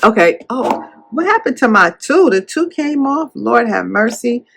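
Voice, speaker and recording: A woman chatting casually while counting cash at home, animated and playful as she retells a story. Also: a little high, measured pace, creaky, slightly rough. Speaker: cash-stuffing YouTuber.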